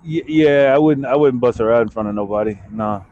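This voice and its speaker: A man's voice: medium pitch, fairly quick, darkish tone, no room sound, dull audio. Blunt, profane man calling in. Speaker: podcast guest. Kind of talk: casual chat. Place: car, driving.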